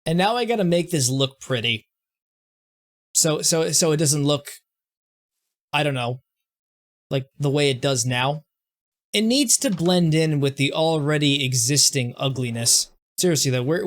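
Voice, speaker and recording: A young man talks through his game in a casual, self-mocking way, often stammering and restarting his sentences. His voice sits a little higher than most men's. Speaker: gaming streamer. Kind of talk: casual gameplay commentary.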